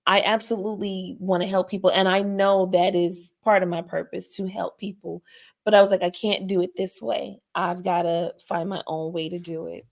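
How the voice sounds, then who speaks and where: A woman's voice: medium pitch, animated, normal speed, gravelly. A woman guest on a podcast, candidly telling her own story in a reflective, hesitant way with many fillers and restarts.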